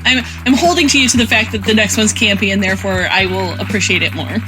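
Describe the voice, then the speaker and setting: A woman's voice: medium pitch, quick pace, over music, poor audio. A woman co-hosting a podcast in casual chat. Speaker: podcast co-host.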